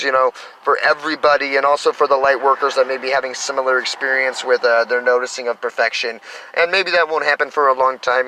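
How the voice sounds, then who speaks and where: A man's voice: mid-range voice, pushed and bright, a little hiss or hum, rough recording. A man in his thirties talking outdoors in a rambling, enthusiastic way about spiritual experiences, vlogging to camera. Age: 30s. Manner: enthusiastic, meandering, spiritual self-talk. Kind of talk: rambling casual monologue.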